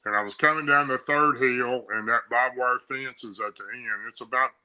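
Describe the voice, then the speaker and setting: A man's voice: medium pitch, steady tone, normal speed, pushed and bright, poor audio. Man telling a tense story. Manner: breathless run-on retelling, repeats himself. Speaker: guest. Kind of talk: casual storytelling.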